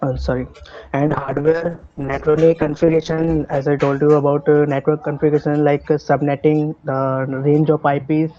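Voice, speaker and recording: A man with an Indian English accent teaching an online cybersecurity class, halting and full of fillers and restarts. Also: fairly high pitch, little pitch movement, lo-fi sound. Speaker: cybersecurity instructor. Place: online class by video call.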